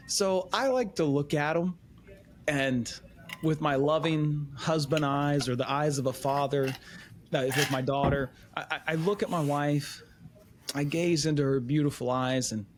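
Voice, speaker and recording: A man's voice: on the high side, a little hiss or hum. A man co-hosting a casual faith podcast, telling playful, self-mocking stories. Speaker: podcast co-host.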